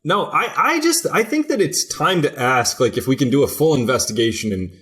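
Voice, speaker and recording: A man's voice: on the high side, very animated, brisk, a bit bright. A man co-hosting a podcast in casual chat with dry jokes. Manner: dry joking. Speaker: podcast producer and co-host.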